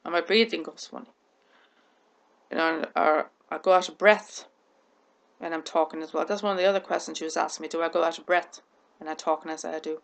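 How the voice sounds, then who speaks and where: A woman's voice: sits low, steady tone, fairly quick, gravelly, pauses often. A woman vlogger talking to camera with a stammer, repeating words, restarting sentences and running out of breath at the ends of sentences. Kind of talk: casual talk to camera.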